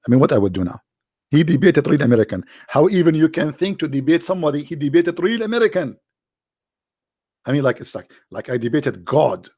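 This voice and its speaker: On his channel, a man with an Arabic accent hosts a stream of mocking religious commentary, full of sarcasm and rambling asides. His fairly high voice swings widely in pitch, a little fast, with a darkish, breathy tone, in clean studio sound without echo.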